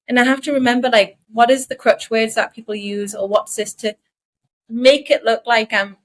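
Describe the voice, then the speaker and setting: A woman from England co-hosting a podcast, chatting casually and pausing to search for her words. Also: a little high, steady tone. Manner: reflective, searching for words mid-sentence. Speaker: podcast co-host. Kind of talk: casual chat.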